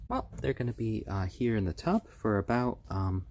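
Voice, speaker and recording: A man hosting a casual live stream, talking softly and fondly to baby chicks, with relaxed, halting speech full of fillers. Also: lowish voice, slight background noise. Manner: soft, fond cooing to baby birds. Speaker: live-stream host showing pet chicks.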